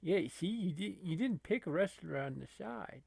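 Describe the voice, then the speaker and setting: An actor playing a laid-back, chatty gamer buddy who teases and repeats phrases in an easygoing way in a comedy gaming sketch. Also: male voice, high-pitched, expressive, moderate pace, vocal fry, darkish tone, husky, no echo, full character voice.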